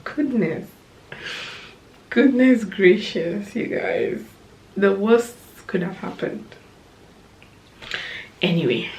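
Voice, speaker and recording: Female vlogger, slow, emotional storytelling, roomy sound. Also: medium pitch, expressive, a little hiss or hum. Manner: emotional, slow, drops to soft whispers. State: tearful. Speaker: vlogger, new mother. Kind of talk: storytime vlog.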